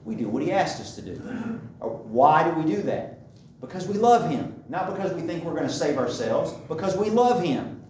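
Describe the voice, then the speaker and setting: His voice sits on the high side, a little mellow, with big pitch swings at normal speed as he delivers an emphatic sermon full of repeated phrases. It was recorded in a very echoey room with the mic far away and slight background noise.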